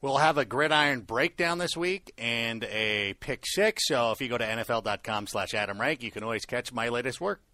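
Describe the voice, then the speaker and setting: A man's voice: medium pitch, expressive, moderate pace, hardly any pauses, sharp tone, no room sound. A man co-hosting a sports podcast in casual, emphatic chat. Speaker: podcast co-host.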